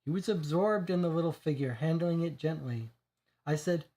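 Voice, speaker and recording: A man with a somewhat high voice reads a crime dossier aloud in a steady, plain way. He stumbles on a word now and then and drifts into casual commentary. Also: normal speed. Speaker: game player reading aloud.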